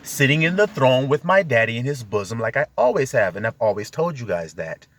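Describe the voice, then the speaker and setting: A man's voice: medium pitch, big pitch swings, a little fast, fairly bright tone, dry recording. Fired-up man preaching in a car. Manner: exhorting, fired-up, peppered with rhetorical questions to the audience. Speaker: self-styled preacher. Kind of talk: impassioned spiritual monologue. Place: inside a car.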